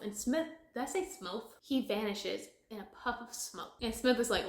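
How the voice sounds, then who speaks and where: Young woman, book reviewer, casual sarcastic chat, animated, echoey room. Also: fairly high pitch, moderate pace, hardly any pauses.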